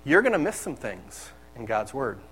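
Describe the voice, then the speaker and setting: A man's voice: mid-range voice, sing-song, normal speed, fairly bright tone, a little hiss or hum, rough recording. A man preaching a sermon in a candid, conversational storytelling manner.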